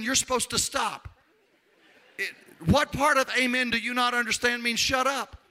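A man preaching a sermon, telling his own story with lively, acted-out voices and loud peaks. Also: very high-pitched. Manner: animated storyteller, acts out voices, shouts at peaks. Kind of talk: testimony sermon.

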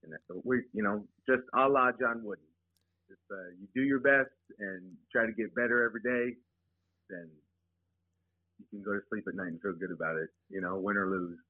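Deep-voiced football coach, stumbles and repeats words, tinny dry phone sound. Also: male voice, no room sound. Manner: halting, repeats words, plainspoken. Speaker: high school football head coach. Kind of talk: casual interview.

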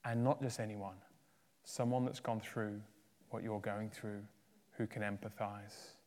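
A man preaching a sermon, swinging from loud emphatic peaks to hushed, low endings. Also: fairly even intonation, unhurried. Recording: long reverb of a large hall.

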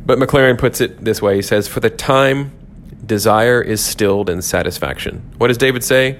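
Talking through scripture as host of a devotional podcast, a man speaks at normal speed with a medium-pitched voice and a little hiss or hum. He's earnest and reflective, returning to key phrases for emphasis.

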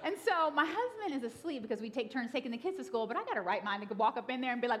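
A woman's voice: a little high, racing. A woman in her thirties preaching a sermon, telling funny stories and acting out voices. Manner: lively, humorous, acts out voices. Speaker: pastor. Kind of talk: sermon with storytelling.

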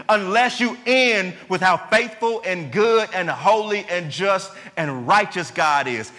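A man's voice: sits high, sharp tone. A man preaching a sermon, emphatic and conversational, asking his listeners questions. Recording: long hall reverb.

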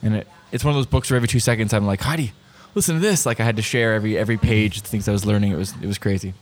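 A man's voice: on the low side, flat delivery, rapid-fire. A man co-hosting a podcast from a diner table, chatting casually and correcting himself as he goes. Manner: rambling, self-correcting. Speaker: podcast co-host. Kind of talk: casual chat.

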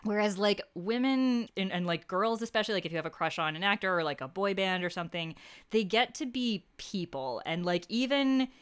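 A woman's voice: medium pitch, brisk, clean tone. A woman in her thirties co-hosting a podcast, talking frankly and crudely with dry jokes. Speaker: podcast co-host. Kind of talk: casual chat.

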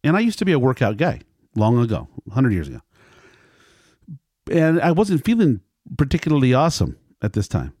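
Middle-aged dad rambling through a story, dry close sound, keeps restarting and acting out quotes. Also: male voice, mid-range voice, huge pitch swings, brisk, long pauses, warm tone, husky, dry recording. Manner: rambling, self-correcting, acts out quoted lines. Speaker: father telling a family story. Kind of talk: casual conversational storytelling.

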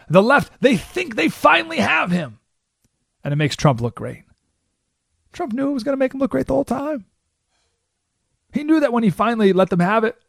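On his political talk radio program, a man with a high, gravelly voice tells a story with energy, frequently asking "right?" into the studio microphone. No room sound is audible.

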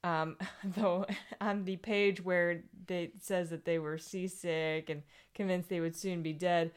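A woman chatting casually about a picture book, animated and reading lines aloud. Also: on the low side, measured pace, smooth. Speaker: co-host discussing a picture book. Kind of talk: casual chat.

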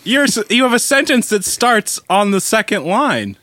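A man's voice: high voice, lively intonation, normal speed, a bit bright, no echo. A man co-hosting a casual chat, teasing and blunt.

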